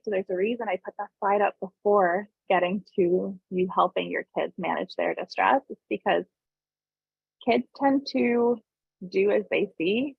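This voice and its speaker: A woman giving a parenting webinar in a calm, conversational way, with a gravelly voice full of vocal fry. Her voice is very husky and breathy. It comes over a tinny, dry, phone-like line. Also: mid-range voice, no room sound. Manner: conversational, often adds tag questions; calm explaining tone, briefly voices parents and kids. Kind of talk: informal online presentation.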